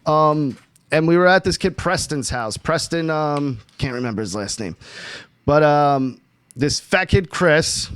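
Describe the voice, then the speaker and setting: A man's voice: on the high side, unhurried, clean tone, no echo. A man casually telling profane stories from his childhood on a podcast. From Texas. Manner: profane, animated storytelling. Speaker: podcast host. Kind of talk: casual storytelling chat.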